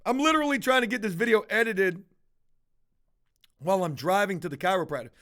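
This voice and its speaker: A livestreaming vlogger with a high, sharp voice speaks fairly quickly to his viewers. He tells a confessional story bluntly and casually, swearing as he goes.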